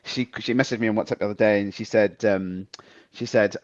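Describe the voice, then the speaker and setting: A man's voice: fairly low pitch, fairly even intonation, fairly quick. A man hosting a podcast, chatting with enthusiasm and passing on anecdotes from friends. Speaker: podcast host. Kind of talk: casual chat. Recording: dull lo-fi audio.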